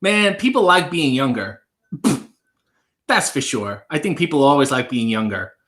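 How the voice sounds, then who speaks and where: Bright-voiced man riffing dryly on chat. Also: mid-range voice, lively intonation, moderate pace. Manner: dry, joking, offhand. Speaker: live-stream host. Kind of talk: casual live-stream chat, reading viewer comments.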